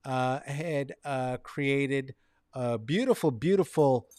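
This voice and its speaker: A man hosting a comedic commentary show, rambling and sarcastic, swinging between mumbled asides and loud outbursts and talking to viewers by name. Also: medium pitch, slow, dry recording, clean studio sound. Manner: talks to chat viewers by name. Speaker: show host.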